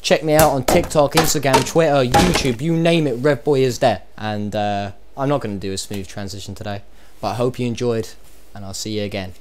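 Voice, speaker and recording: A young Irish man hosting a comedic reaction video, animated and exclaiming, often breaking into laughter. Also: mid-range voice, fairly quick, slight background noise. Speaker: YouTube host.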